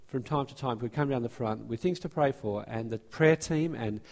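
A man preaching from the front of a church, his voice sitting at an ordinary middle pitch. He talks earnestly, often breaking off and restarting a phrase, and his pace keeps shifting between quick and slow. A long reverb from the hall trails after his words. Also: vocal fry, a little mellow. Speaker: pastor. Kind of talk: sermon with church announcements. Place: church sanctuary.

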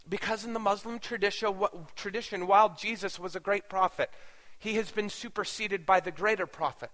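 A man's voice: sits high, normal speed, fairly bright tone. Brief: male pastor, sermon storytelling, earnest and dramatic, ringing hall reverb.

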